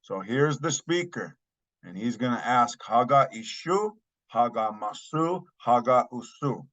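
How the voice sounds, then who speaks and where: A man's voice: mid-range voice, lively intonation, measured pace, fairly bright tone, dull audio. A man teaching a language lesson, saying each phrase twice so learners can follow.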